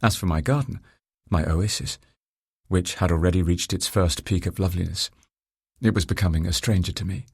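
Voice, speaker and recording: Deep-voiced male audiobook narrator. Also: darkish tone, husky, dry recording, clean studio sound. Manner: reflective, measured and formal. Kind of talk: first-person audiobook narration.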